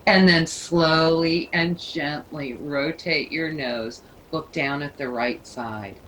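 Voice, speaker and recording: Slow, low-voiced yoga teacher woman. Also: a little hiss or hum, rough recording. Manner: calm, slow, soothing cues. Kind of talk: guided yoga instruction.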